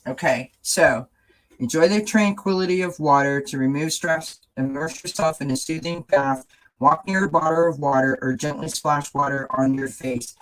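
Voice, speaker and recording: A live-stream host talks through oracle cards in a loose, rambling way. The speech is casual and full of small fillers, at a mid pitch. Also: moderate pace, poor audio. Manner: rambling and warm-hearted, with many fillers. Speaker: host of a tarot chat stream.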